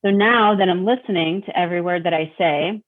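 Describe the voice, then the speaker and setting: A woman's voice: lowish voice, fairly quick. A middle-aged woman from Detroit, a guest speaking candidly about recovery, who repeats words and acts out her own thoughts. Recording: tinny phone-like sound.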